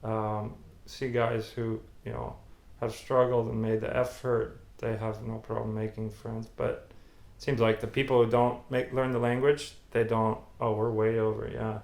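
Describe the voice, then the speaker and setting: A man's voice: fairly low pitch, flat delivery, moderate pace, vocal fry, few pauses, a little mellow. A man co-hosting a podcast, chatting casually and telling stories with laughs. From United States. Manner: storytelling, laughs often. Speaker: podcast co-host. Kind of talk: casual chat. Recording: echoey room.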